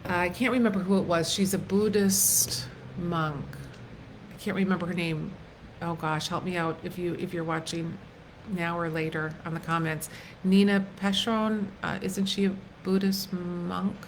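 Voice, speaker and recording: A middle-aged woman coach speaking casually on a live stream, earnest and gentle, with soft pauses and restarts. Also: lowish voice, fairly even intonation, slight background noise, rough recording. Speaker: wellness coach hosting a live workshop.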